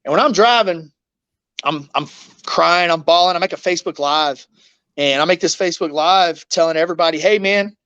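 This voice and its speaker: A man's voice: a little high, normal speed, a bit bright, clear, resonant tone, no room sound, muffled recording. A man, an interview guest telling a painful story in raw, blunt words, swearing often and acting out what others said.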